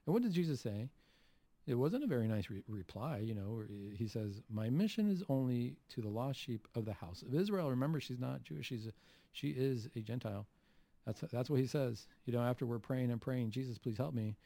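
A man preaching a Catholic homily, asking rhetorical questions and acting out the Gospel quotes with lively emphasis. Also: mid-range voice, dry recording.

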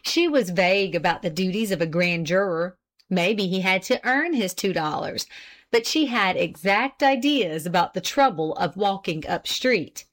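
A woman reading a story aloud as narrator, measured and expressive. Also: lowish voice. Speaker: audiobook reader. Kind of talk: scripted narration.

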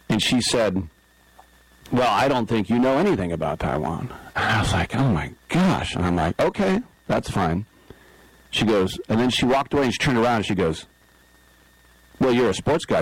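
Middle-aged male sports radio host, deep voice, dry studio sound, rambling anecdotes. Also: no echo, rough recording. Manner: rambling, self-deprecating, acts out quotes. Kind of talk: casual storytelling on radio. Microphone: studio microphone.

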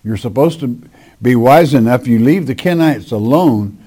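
A man teaching a sermon, reading scripture aloud and explaining it in an emphatic, deliberate preaching manner. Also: mid-range voice, expressive, mellow. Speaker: Bible teacher.

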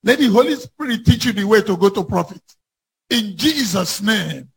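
A man delivers a sermon, his voice husky and raspy throughout. He climbs into loud, shouted emphasis when quoting scripture. The gravel in his tone never quite leaves. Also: high-pitched, lively intonation, normal speed. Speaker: preacher.

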